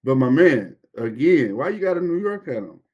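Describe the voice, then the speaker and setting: A man's voice: mid-range voice, very animated, moderate pace, darkish tone, slightly rough, highs cut off. A man co-hosting a podcast, talking football in an easygoing, repetitive way with laughing asides. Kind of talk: casual sports chat.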